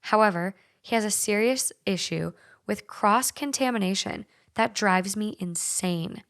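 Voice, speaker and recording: In an unhurried, mid-range, slightly bright voice, a young woman with a light Minnesotan accent hosts a podcast. She chats casually, swears without restraint, and reads listener stories aloud.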